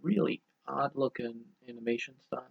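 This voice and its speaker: A man's voice: mid-range voice, a little fast, vocal fry, breathy edge. A young man co-hosting a podcast, chatting casually and making crude, rambling jokes. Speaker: podcast co-host. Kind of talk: casual chat. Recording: dull lo-fi podcast audio.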